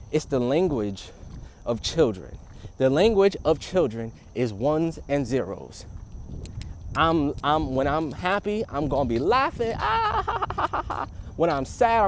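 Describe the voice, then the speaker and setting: A young man livestreaming outdoors, talking in a casual, rambling, profane and animated way, often laughing. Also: mid-range voice, slight background noise. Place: outdoors in a city.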